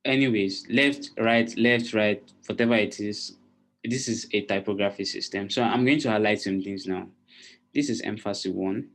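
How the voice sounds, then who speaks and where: In a lowish, slightly bright voice at a moderate pace, a man teaches design in a live online session. His explanations go step by step, and he repeatedly checks whether students are keeping up.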